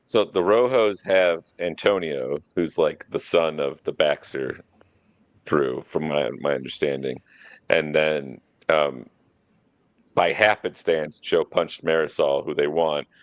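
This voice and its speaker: Very deep-voiced man in casual chat. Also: fairly even intonation, slow, no echo. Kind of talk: casual movie discussion.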